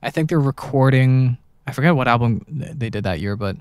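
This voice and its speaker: A male podcast host telling stories with animated energy, at a mid-range pitch. The sound is dry and close to the mic. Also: brisk, smooth, no echo. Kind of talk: casual podcast chat, storytelling.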